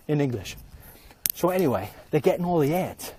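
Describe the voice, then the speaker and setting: A man's voice: fairly high pitch, sing-song, fairly quick, mellow, a little hiss or hum. A man hosting a comedic, rambling and sarcastic monologue while walking outdoors at night. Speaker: host. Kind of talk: comedic walk-and-talk monologue.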